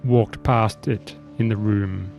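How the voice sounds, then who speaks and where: A man running a tabletop game as dungeon master, giving calm, matter-of-fact rulings and narration. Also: fairly low pitch, slow pace, gravelly, soft background music.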